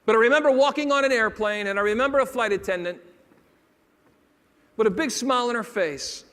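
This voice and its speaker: High-pitched man telling stories in a hall. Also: a little fast. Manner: dramatic shifts between hushed and loud, acting out dialogue. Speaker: motivational speaker. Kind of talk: motivational keynote storytelling. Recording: long hall reverb.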